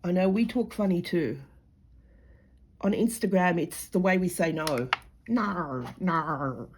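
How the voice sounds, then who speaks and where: A woman's voice: on the low side, normal speed, a little mellow, a little hiss or hum. A middle-aged Australian woman chatting casually to camera in a blunt, sarcastic, mocking way while she makes jewellery. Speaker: jewellery maker and vlogger.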